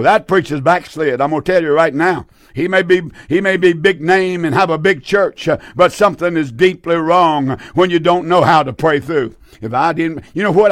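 A man preaching a Pentecostal sermon in a fervent way, often repeating himself and pausing on fillers. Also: sits high, no room sound, clean studio sound.

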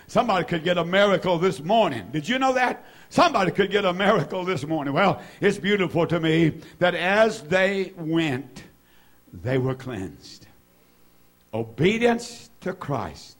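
A man's voice: on the high side, lively intonation, moderate pace. A man, preaching a fervent sermon in a church service and repeating his praise phrases. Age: 70s. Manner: fervent, repetitive, exclaims hallelujah.

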